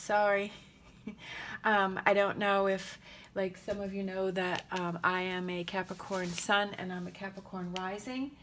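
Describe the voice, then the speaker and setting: A woman giving a casual tarot reading in a gentle, rambling and emotional way, with many pauses and fillers. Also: on the low side. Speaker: tarot reader.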